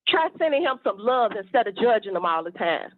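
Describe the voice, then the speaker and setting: A woman's voice: a little high, big pitch swings, brisk, no echo. Indignant woman evangelist on a phone line. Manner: preachy, indignant. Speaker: caller, evangelist. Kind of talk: impassioned call-in rant.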